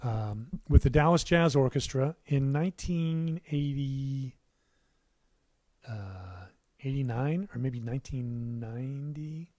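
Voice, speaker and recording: A man's voice: medium pitch, slow pace, no echo. A middle-aged man hosting a casual livestream from his recording studio, rambling between answers with plenty of fillers and restarts. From United States. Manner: rambling, warm asides, many fillers and restarts.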